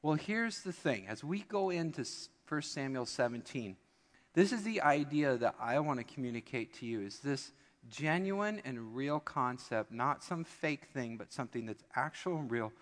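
A man preaches in a church with a mid-range voice, telling a lighthearted story as a sermon illustration and slipping into quick impressions of the people in it. His voice rings out with the long reverb of a large hall. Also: medium pitch, expressive. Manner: humorous storytelling with acted-out voices. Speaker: pastor. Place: church sanctuary.

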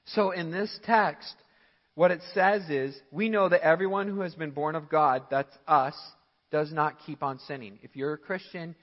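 Emphatic pastor preaching, echoey church hall. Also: male voice, on the high side, moderate pace. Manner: emphatic, repeats key phrases for stress. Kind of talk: sermon. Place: church sanctuary. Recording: church hall reverb, dull lo-fi audio.

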